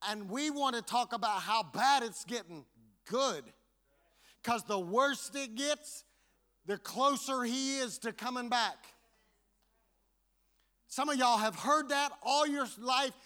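A man's voice: very high voice, slow pace, long pauses, pushed and bright. A man preaching a sermon to his congregation, building fervor through repetition. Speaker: pastor.

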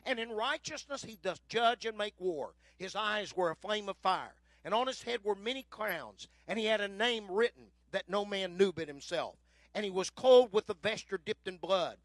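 A high-pitched man preaches emphatically, his loudness rising and falling as he slows into scripture readings. The recording has no echo and is low in quality.

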